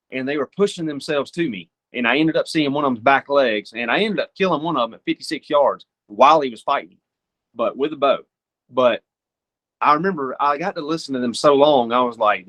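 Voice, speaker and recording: A young man from Georgia, a podcast guest giving hunting advice through lively stories and imitating deer sounds and calls. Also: mid-range voice.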